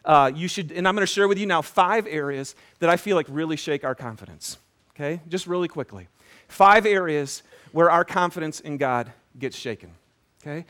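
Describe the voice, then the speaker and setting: A pastor in his fifties preaching a sermon in an animated, conversational way, throwing quick questions to the congregation. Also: a little high. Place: church.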